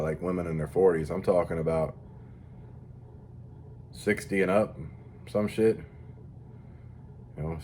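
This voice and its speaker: A man's voice: on the low side, darkish tone, a little hiss or hum. A tired man rambling through a crude, profane casual monologue as a vlogger. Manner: profane, rambling, mock-tough.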